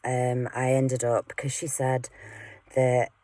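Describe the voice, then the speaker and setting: A woman in an unscripted vlog rant, swearing often and rambling with fillers as she moves between loud outbursts and muttered asides. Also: rumbling low, completely flat delivery, slow pace, no echo. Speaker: vlogger. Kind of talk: unscripted personal rant to camera.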